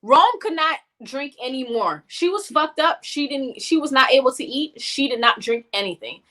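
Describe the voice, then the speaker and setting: A woman on a podcast tells a story in a loose, profane and animated way. Her voice sits high and sounds bright. The delivery is casual, like chatting with friends. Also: moderate pace. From North Miami. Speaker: podcast co-host. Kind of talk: casual chat.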